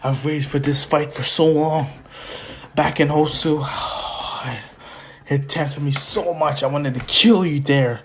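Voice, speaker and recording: A man voicing a smug, unhinged male villain in a retold fan story, gloating and excitable. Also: fairly high pitch, takes it slowly, slight background noise. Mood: menacing.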